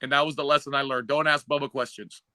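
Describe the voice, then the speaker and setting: A man's voice: mid-range voice, fast talker, no echo. A man on a casual podcast, a co-host and former wrestler telling stories and acting out the other people in them. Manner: lively storyteller, acts out the other people in his stories.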